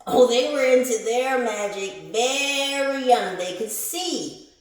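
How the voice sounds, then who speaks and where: A woman giving a casual spiritual tarot reading, animated and laughing, who swears freely and calls her viewers the collective. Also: fairly high pitch, slow pace. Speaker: tarot reader. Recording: very echoey room.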